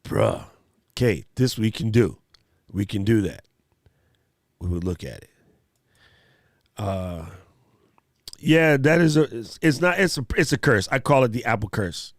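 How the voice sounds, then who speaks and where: A man's voice: fairly low pitch, unhurried, long pauses, dry recording, clean studio sound. A man hosting a live stream Q&A, chatting casually and animatedly with viewers in slang. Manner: animated, slangy, talks straight to chat viewers.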